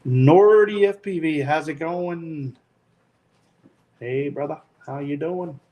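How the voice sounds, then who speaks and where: Slow-drawling Tennessee man. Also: fairly high pitch, dark tone, low-quality recording. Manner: slow-talking, frequent ums, easygoing and joking. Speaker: FPV drone channel host. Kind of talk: casual livestream chat.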